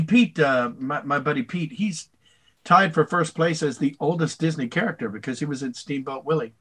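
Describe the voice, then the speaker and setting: An older man, a voice actor, answering interview questions in a rambling, animated way, slipping into voices. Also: fairly high pitch, normal speed, husky. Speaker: voice actor guest.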